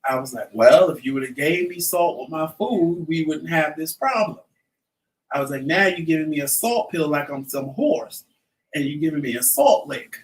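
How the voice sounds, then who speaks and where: A man's voice: on the high side, moderate pace. Man in his fifties telling a story from a distance. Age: 50s. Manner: animated storyteller who acts out quoted dialogue. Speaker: vlog host. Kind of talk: casual storytelling chat.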